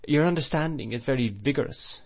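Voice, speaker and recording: A man's voice: mid-range voice, brisk, voice pushed up, lightly acted. A man voicing a meek, apologetic young mother in an audiobook. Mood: timid pleading. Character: timid gentle young mother.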